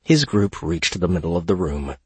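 Deep, husky male narrator. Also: no echo. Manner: steady, measured reading. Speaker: audiobook narrator. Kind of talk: fantasy audiobook narration.

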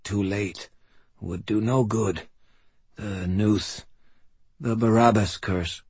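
A man voicing a dying old male swordsman, weak and wheezing, who speaks in slow, broken, rasping phrases. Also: on the low side, steady tone, a little mellow, no room sound, voice pushed up, full character voice. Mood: faint, rasping.

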